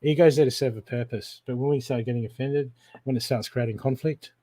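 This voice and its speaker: A man's voice: medium pitch, a little fast, warm tone, no echo. Australian male intuitive reader, live-stream readings, direct address, keeps checking in with the viewer.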